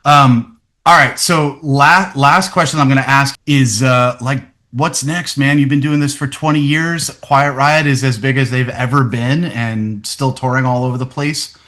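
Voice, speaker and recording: A man's voice: mid-range voice, fairly even intonation, a little slow, few pauses, bright, forceful tone. A man hosting a casual interview, laid back, laughing along and using lots of fillers. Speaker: interview host.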